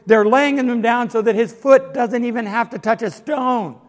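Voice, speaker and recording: A male pastor preaching a sermon, swinging from hushed lines to loud ones and asking the congregation questions. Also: very high voice, moderate pace. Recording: long hall reverb.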